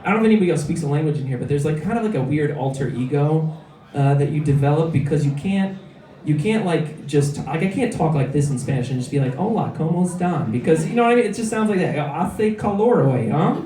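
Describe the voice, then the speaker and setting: A man's voice: a little high, expressive, fast, mellow, far from the mic. Rambling man in an echoey club. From Illinois, USA. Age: 30s. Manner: rambling, self-deprecating, many filler words. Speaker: stand-up comedian. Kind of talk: stand-up comedy set. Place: comedy club.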